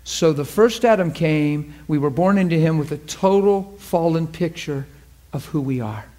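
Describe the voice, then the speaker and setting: A man's voice: a little high, animated, normal speed, mellow. A man preaching a sermon to a class, emphatic and fervent, often asking the audience questions and laughing with them.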